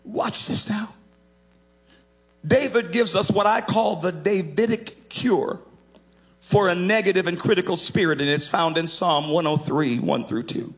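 A man's voice: sits high, measured pace. A man preaching a sermon, emphatic and sometimes lifting his lines into a half-sung cadence.

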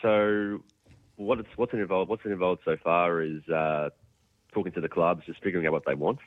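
A man calling in as a guest, relaxed and matter-of-fact as he explains his plans. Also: sits low, fairly quick, no room sound, phone-quality sound. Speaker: guest, women's competition organiser. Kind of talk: interview over a call. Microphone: phone or video call.

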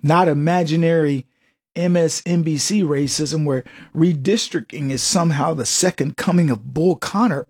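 A man's voice: fairly high pitch, normal speed, darkish tone, husky. A man hosting a radio talk show, delivering an emphatic, mocking political monologue and chuckling at his own jokes.

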